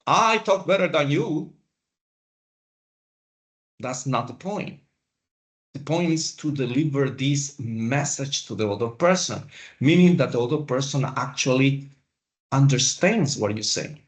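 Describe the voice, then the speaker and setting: A man teaching a class, lecturing in a slow, deliberate way with pauses. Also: mid-range voice, expressive. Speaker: instructor.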